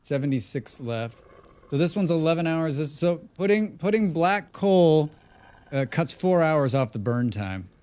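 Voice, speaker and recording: A man's voice: fairly high pitch, big pitch swings, unhurried, darkish tone, clear, resonant tone. A man casually chatting on a game live stream, humming and mumbling nonsense sounds between remarks. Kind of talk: casual live-stream chat while playing.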